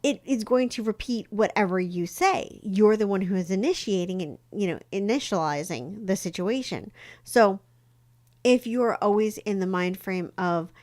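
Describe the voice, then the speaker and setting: A woman's voice: mid-range voice, normal speed, darkish tone. A woman psychic talking casually on a live stream, chatty and rambling with many fillers. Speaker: psychic tarot reader.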